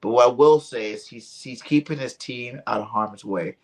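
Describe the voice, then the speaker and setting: A man co-hosts a casual sports podcast. He talks in an animated, slangy way, spinning stories about the game. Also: medium pitch, normal speed, poor audio. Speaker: podcast co-host.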